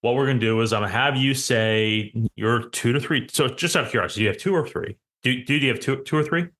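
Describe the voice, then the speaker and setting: A man's voice: mid-range voice, fast, a bit bright. A man hosting a podcast, running a casual dad-joke segment with many "all right"s and easy laughter. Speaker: podcast host.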